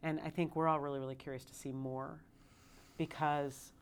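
Chatty woman hosting a podcast, low voice, teasing, laughs a lot. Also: little pitch movement, normal speed, clean tone. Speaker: podcast host. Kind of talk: casual chat.

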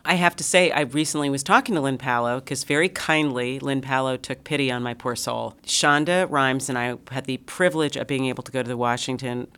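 A middle-aged woman hosting a podcast, telling stories in a chatty, self-mocking way and swooping high when she gets excited. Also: brisk, hardly any pauses, smooth. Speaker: podcast host. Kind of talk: casual podcast chat.

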